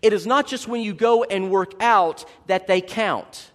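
Male preacher, high-voiced, folksy and humorous, with a long hall echo. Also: unhurried, a bit bright. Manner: conversational, humorous preaching with asides to the congregation. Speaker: pastor. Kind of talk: sermon. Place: church sanctuary.

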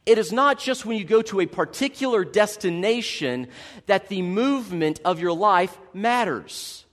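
A man's voice: sits high, expressive, normal speed, a bit bright. A male pastor preaching a sermon in a conversational, humorous way, with asides to the congregation in a church sanctuary. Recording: long hall reverb.

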